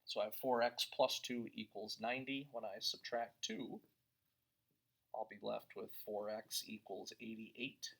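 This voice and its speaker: Gravelly-voiced man teaching a math lesson. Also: on the low side, fairly even intonation, measured pace, a bit bright. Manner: talks through steps aloud, thinking as he goes.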